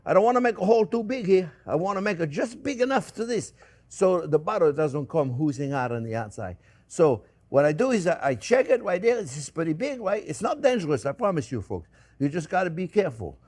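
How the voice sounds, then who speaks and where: A man's voice: high voice, sing-song, brisk, a little mellow. An older man with a French accent, demonstrating a recipe in a kitchen in a chatty, repetitive way, often calling his viewers friends. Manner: chatty, repeats himself, addresses viewers as friends. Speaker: cooking show host. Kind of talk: casual cooking demonstration.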